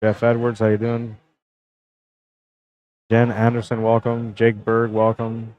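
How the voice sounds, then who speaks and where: A man's voice: lowish voice, completely flat delivery, unhurried, highs cut off. A young man casually commenting on a pool match on his live stream, chatting with viewers and greeting them by name. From Canada.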